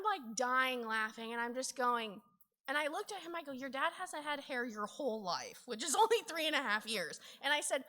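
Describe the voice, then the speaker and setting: A woman in her forties telling a funny family story at a conference microphone, animated and laughing often. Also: a little high. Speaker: conference presenter. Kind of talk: casual storytelling to an audience. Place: conference room. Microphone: handheld microphone.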